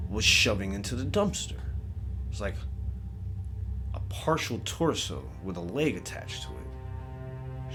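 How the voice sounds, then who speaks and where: A man telling a first-person scary story in a casual, profane, street-style way. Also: on the low side. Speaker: horror story narrator. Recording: music bed under voice.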